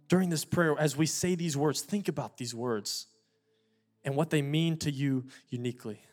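A man's voice: on the high side, normal speed, darkish tone. A young adult man preaching a sermon with an altar call, earnest and pleading, repeating words for emphasis. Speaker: pastor.

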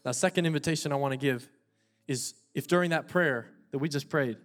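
A man's voice: fairly high pitch, fairly quick, fairly bright tone, faint music behind. A young adult man preaching a sermon with an altar call, earnest and pleading, repeating words for emphasis. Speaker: pastor.

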